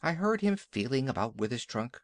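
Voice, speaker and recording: Expressive male audiobook narrator. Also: mid-range voice, moderate pace, no echo. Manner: expressive storytelling.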